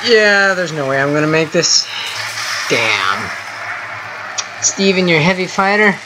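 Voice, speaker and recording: A gameplay host giving casual, excitable running commentary from home while chatting with a teammate. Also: mid-range voice, measured pace, rough recording. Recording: game music clearly heard underneath. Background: music from the game.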